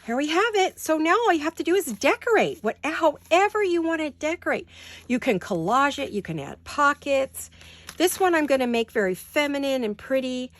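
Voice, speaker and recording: Hosting a craft video from her home studio, this middle-aged woman speaks at a normal speed in a high register with big swings in pitch. She has the hiccups and keeps up a running chat, muttering to herself as she goes.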